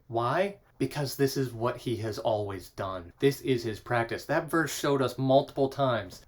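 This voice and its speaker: A man with a somewhat high-pitched voice retells a Bible story in a casual devotional talk. He reads scripture passages aloud and then breaks into chatty, wry asides. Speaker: Bible teacher.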